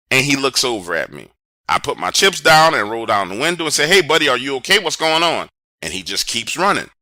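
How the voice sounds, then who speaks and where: A man telling a first-person scary story in an animated, conversational way, with dramatic pauses. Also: mid-range voice, no echo, studio quality. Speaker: horror storyteller.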